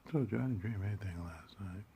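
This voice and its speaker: A man with a heavily gravelly, low and dark voice, ranting in a profane, confrontational monologue. He drops into hushed, almost whispered muttering, then bursts out loudly. Faint noise hums underneath. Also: fast talker. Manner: confrontational, swings between hushed muttering and loud outbursts; streetwise slang, heavy swearing.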